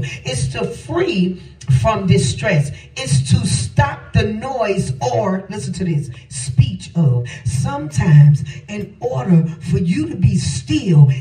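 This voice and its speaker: An older woman preaching a sermon, swinging between shouted phrases and a sing-song cadence. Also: medium pitch. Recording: echoey hall, voice from a distance, faint music.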